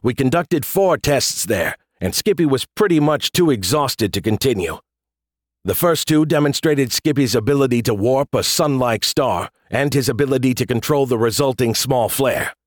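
A man's voice: medium pitch, lively intonation, moderate pace, no echo, studio quality. A man giving wry, exasperated first-person audiobook narration.

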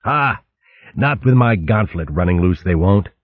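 A man's voice: deep voice, animated, a little slow, no echo, phone-quality sound. A man voicing a cheeky, boastful male mouse thief who jokes brashly and hurls comic insults. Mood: cocky. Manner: brash, jokey, name-calling.

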